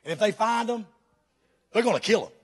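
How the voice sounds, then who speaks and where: High-voiced preacher, fervent. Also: male voice, expressive, a little fast, slightly rough. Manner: fervent, emphatic preaching with direct questions to the congregation. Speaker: pastor. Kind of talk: sermon. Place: church before a congregation.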